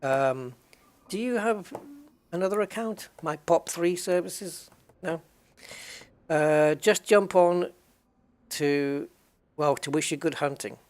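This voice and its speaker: A man's voice: on the high side, takes it slowly, pauses often. A tired English man chatting casually on a game livestream, greeting viewers by name with self-mocking jokes. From England. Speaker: streamer.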